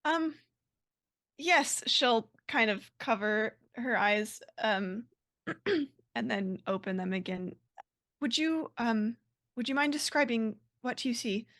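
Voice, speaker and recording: A woman playing her character in a tabletop game, speaking hesitantly with many pauses and fillers. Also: on the high side, lively intonation, fairly bright tone. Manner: hesitant, lots of ums, careful phrasing. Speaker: player.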